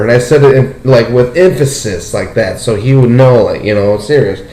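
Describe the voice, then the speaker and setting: A young man hosts a laid-back podcast, recounting events in an animated, rambling way. His voice sits in a middle register but leaps up sharply when he gets worked up. The room around him is noticeably echoey. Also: moderate pace. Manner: animated storytelling, leaps up in pitch when excited, peppered with "like" and "dude". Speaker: podcast host. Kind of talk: casual podcast chat. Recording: roomy echo.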